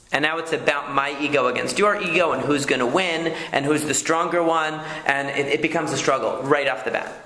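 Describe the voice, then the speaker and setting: Gravelly-voiced man teaching in an echoey room. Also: a little high, pushed and bright. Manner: conversational teaching, frequent "okay?" checks. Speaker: rabbi. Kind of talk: lecture on marriage communication.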